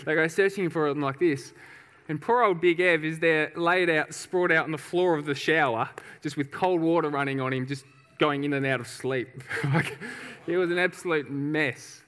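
Lively man preaching in a hall. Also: fairly high pitch, moderate pace. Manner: lively storyteller, laughs often, acts out shouts. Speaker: pastor. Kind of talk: sermon with personal story. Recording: reverberant hall.

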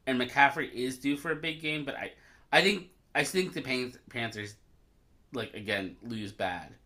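A man's voice: medium pitch, measured pace, bright, forceful tone. A man co-hosting a podcast, talking casually and hesitantly as he thinks aloud. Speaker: podcast co-host. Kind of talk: casual chat.

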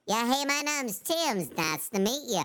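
A squeaky chipmunk-voiced guy. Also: sing-song, moderate pace, pushed and bright, clear, resonant tone, full character voice. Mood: giddy. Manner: high squeaky chipmunk voice, gleeful. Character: squeaky chipmunk-voiced man, giddy and excited.

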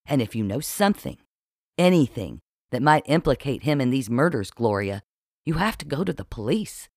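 A man's voice: mid-range voice, sing-song, normal speed, no echo, studio quality. Dee, a man voicing a sarcastic scolding woman. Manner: sarcastic, forceful, bossy. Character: blunt, scolding middle-aged woman friend. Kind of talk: audiobook character voice.

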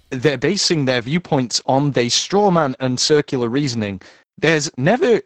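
Sarcastic man with a lively voice. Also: medium pitch, no room sound. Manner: sarcastic, breaks into laughter. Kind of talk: mocking read-aloud of a statement.

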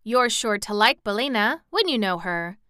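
A woman's voice: mid-range voice, animated, normal speed, bright, forceful tone, smooth, no room sound, clean studio sound. A woman voicing a cheerful, confident little girl in an audiobook, speaking eagerly and reassuringly.

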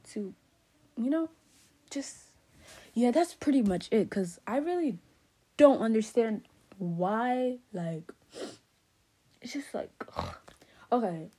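A young woman with Haitian roots giving her opinions in a sassy, animated way, full of "like" and rhetorical questions. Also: fairly high pitch, breathy edge. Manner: sassy, animated, lots of fillers. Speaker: vlogger. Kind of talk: casual opinion rant.

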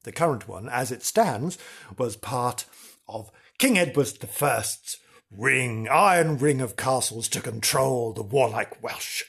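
A man with a husky voice telling an old legend with a wink, stepping out of the story for jokey asides. His pitch sits in a middle range, and he paces the tale for suspense. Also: animated, slow pace, a bit bright. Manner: theatrical, jokey asides, chuckles. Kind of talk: playful storytelling narration.

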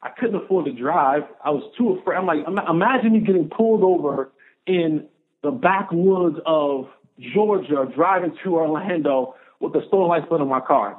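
A man telling a personal story in an interview, animated and acting out the dialogue he quotes. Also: fairly high pitch, fairly quick. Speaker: podcast guest, former pro football player. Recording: narrow phone-like audio.

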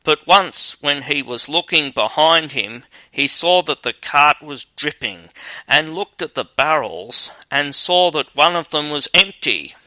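A man narrating a fairy tale in a steady, measured storytelling manner. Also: fairly high pitch, no echo, poor audio.

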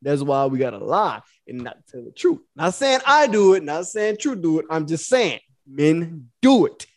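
A man's voice: on the high side, sing-song, moderate pace. A young adult man co-hosting a casual podcast, telling loose stories with laughs and acting out the people he quotes. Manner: loose, laughing storyteller, acts out quoted voices. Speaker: podcast co-host.

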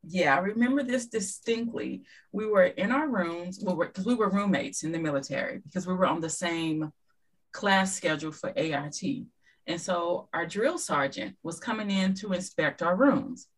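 A woman's voice: on the low side, normal speed, low-quality recording. A woman guest in a casual podcast chat, telling stories and acting out dialogue. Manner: lively storyteller who acts out dialogue.

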